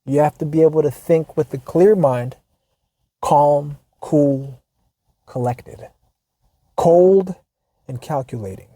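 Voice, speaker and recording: Dark-voiced, wry American man. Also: fairly high pitch, slow pace, pauses often, no room sound, clean studio sound. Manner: wry and profane, with repeated restarts and quote-unquote asides. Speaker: podcast host. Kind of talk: casual monologue reading a forum post.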